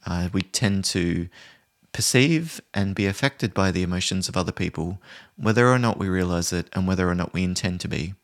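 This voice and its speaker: A man with a notably deep voice, talking through his points in a calm, measured way. He sounds like a trainer explaining conflict-resolution skills in a solo podcast.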